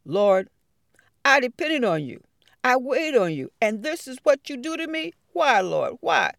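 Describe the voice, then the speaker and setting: A woman's voice: high voice, sing-song, unhurried, gravelly, fairly bright tone, no room sound, clean studio sound, voice pushed up, heavily acted. A woman storyteller voicing a stubborn, angry old man who insists on waiting for help from God. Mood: aggrieved. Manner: indignant, insistent.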